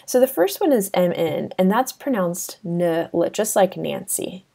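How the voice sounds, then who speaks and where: Gravelly-voiced woman teaching French. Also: fairly low pitch, expressive, unhurried, mellow. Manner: chatty, many fillers and restarts. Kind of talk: recorded screen lesson.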